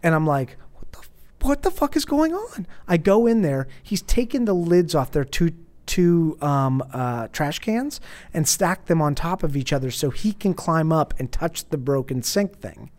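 A man's voice: fairly high pitch, moderate pace. A man in his thirties on a podcast, telling a story in casual chat and acting out the quotes in a raised voice. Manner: animated, acts out quotes in raised voice. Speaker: podcast host.

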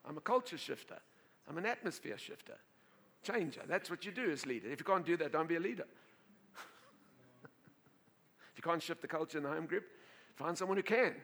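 A man preaching to his congregation in a bright, slightly high voice. He tells his story in an animated way, with frequent laughter and words he repeats and restarts as he builds to excited peaks. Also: a little fast, pauses often. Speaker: pastor. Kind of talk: sermon with storytelling.

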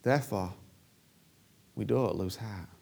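A man's voice: lowish voice, slow pace, creaky, darkish tone, husky. A male preacher delivering a sermon, stressing points by repeating phrases and acting out prayers. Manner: emphatic, repeats key phrases and acts out prayers.

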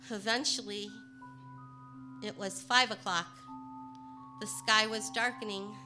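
Her voice on the high side, an adult Chicago woman recounts something personal, slipping partly into rhyming verse. She alternates between a hushed tone and an emphatic one.

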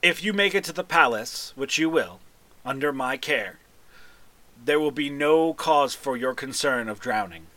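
A man voicing a formal, courteous male Triton envoy who speaks slowly and politely in a tabletop game. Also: mid-range voice, expressive, pushed and bright, no echo. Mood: reassuring. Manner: slow, stately, polite speech.

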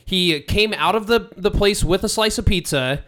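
A young man with a somewhat high voice co-hosting a casual podcast. He keeps the conversation moving, laughs easily and breaks into swearing when he gets fired up. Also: moderate pace, fairly bright tone. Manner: laughs a lot, steers the talk, swears when worked up. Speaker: podcast co-host. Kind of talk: casual chat.

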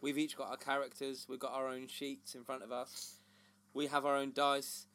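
A man's voice: medium pitch, flat delivery, normal speed, fairly bright tone. Upbeat man co-hosting. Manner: upbeat, playful teasing. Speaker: podcast co-host. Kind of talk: casual chat.

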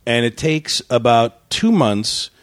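A man hosting a casual comedy chat, playful and argumentative, riffing with jokey deadpan bits. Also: medium pitch, slow, dry recording, clean studio sound. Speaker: podcast host.

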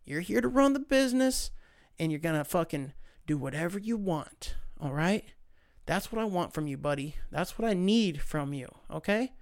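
Male host, loose and profane comic storyteller; smooth tone, close dry mic. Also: fairly high pitch, normal speed, dry recording. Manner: profane, rambling, animated. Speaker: podcast host. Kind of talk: casual comedic storytelling monologue.

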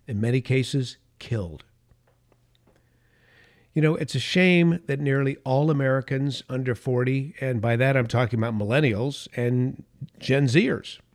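A middle-aged or older man, a political commentator, gives an emphatic opinion monologue in a mid-range voice. He repeats key phrases for stress and drops into soft asides.

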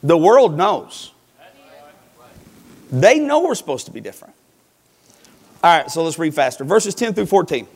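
Animated preacher with a high, swinging voice. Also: male voice, unhurried, long pauses, breathy edge. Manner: emphatic, repeats phrases, direct address to the congregation. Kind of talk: sermon.

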